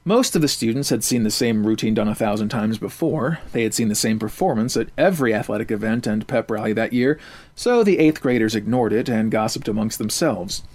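A man narrating a story in a steady, even reading manner. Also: lowish voice, a little fast.

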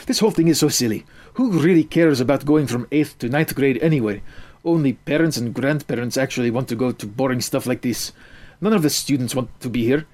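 A man's voice: medium pitch, darkish tone, natural voice. A man voicing a nerdy thirteen-year-old boy who complains pedantically about a ceremony.

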